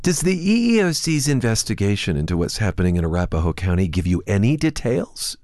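A man's voice: on the low side, sing-song, brisk, darkish tone, no room sound. A man hosting a radio interview, asking inquisitive questions with a wry touch. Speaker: radio host.

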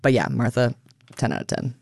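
Woman, actor guest, effusive and gushing, gravelly edge, dry studio sound. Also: extremely low pitch, steady tone, a little fast, no room sound. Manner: warm, effusive, many fillers. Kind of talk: casual radio interview chat.

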